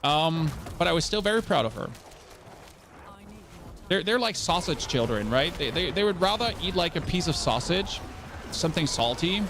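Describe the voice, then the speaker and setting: A man from Germany talks loosely to his stream audience in a slightly high voice. He rambles, restarts his words, and drops the odd curse. A faint noise runs under the recording. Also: animated, moderate pace, vocal fry. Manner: rambling, repeats words, swears casually. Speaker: game streamer. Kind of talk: casual live-stream chat.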